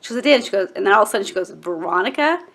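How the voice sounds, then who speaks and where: A woman's voice: mid-range voice, fairly even intonation, racing, creaky, a bit bright. Tearful woman telling her own story. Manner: candid and emotional, with a casual "like" in her speech. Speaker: vlogger. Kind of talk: personal storytelling to camera.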